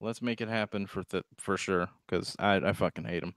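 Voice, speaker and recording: A man's voice: deep voice, fairly even intonation, a little fast, a bit bright, dry recording. A man on a podcast chiming in bluntly with profane agreement. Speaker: podcast co-host. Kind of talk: casual chat.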